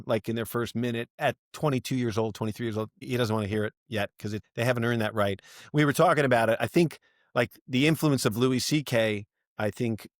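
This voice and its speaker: A middle-aged male comedian telling animated stories as a podcast guest, acting out quotes. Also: medium pitch, no room sound, clean studio sound. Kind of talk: casual storytelling.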